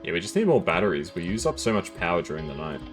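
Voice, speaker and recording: A man with a low voice rambles casually while streaming a game. His pitch moves in an animated way, and soft music plays underneath. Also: quick pace. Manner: chatty, rambling, chuckles often. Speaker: gaming streamer. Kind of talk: casual gameplay commentary.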